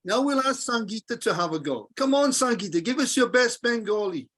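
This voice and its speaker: Teacher, male, patient and playful, leads a relaxed group class. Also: extremely high pitch. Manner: patient, jokey, repeats verses slowly. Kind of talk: casual group lesson.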